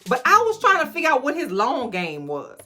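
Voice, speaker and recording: A young woman giving a casual, comedic movie recap with an animated, sassy, slangy way of telling the story. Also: high voice, a little fast, faint music behind. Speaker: film recap vlogger.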